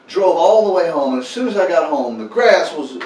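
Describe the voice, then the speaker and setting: A man putting on the voice of a begrudging man fresh off the golf course, exasperated and loud. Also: on the high side, lively intonation, brisk, echoey room, far from the mic, a little hiss or hum, pitched above the performer's own voice, natural voice, low-quality recording.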